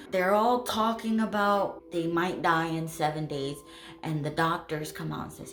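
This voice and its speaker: A woman hosting a channel, retelling a horror manga in a chatty, animated way with many asides. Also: deep voice, normal speed. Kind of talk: casual storytelling recap. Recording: echoey room with faint music.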